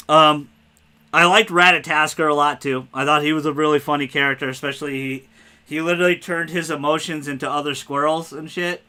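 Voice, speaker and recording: A man hosting a casual spoiler podcast, talking excitedly and rambling, cursing freely. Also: a little high, normal speed, clean tone. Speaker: podcast host.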